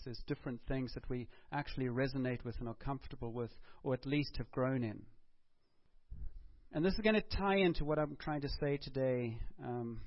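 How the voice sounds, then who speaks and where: A man preaching a sermon to a congregation in a church hall, conversational and animated, bantering with the crowd. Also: mid-range voice, highs cut off. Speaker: pastor.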